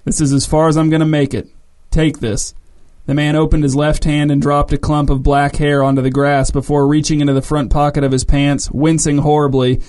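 A man narrating a story in an even, measured way. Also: on the high side.

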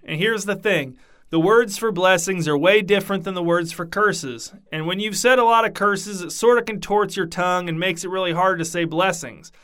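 A man's voice: sits high, pushed and bright, smooth. A man voicing a drunk, self-pitying king who rambles with slurred, sheepish words.

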